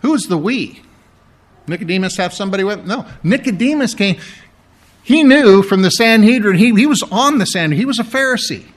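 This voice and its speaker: Animated, high-voiced male preacher. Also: a little fast. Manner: animated, mocks the priests in a put-on sneering voice. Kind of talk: sermon.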